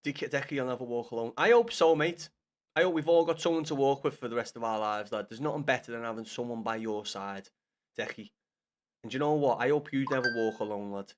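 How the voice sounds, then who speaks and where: A man talks to his live-stream viewers in a loose, banter-filled way. He swears freely, repeats himself, and calls everyone lad and mate. His voice sits at an ordinary pitch for a man. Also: a little fast. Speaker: streamer reading chat.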